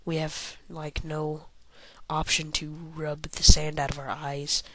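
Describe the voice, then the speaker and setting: A woman's voice: low-pitched, completely flat delivery, slow, slight background noise. A young woman giving goofy, rambling commentary over a video game, often murmuring half under her breath. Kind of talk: casual let's-play commentary.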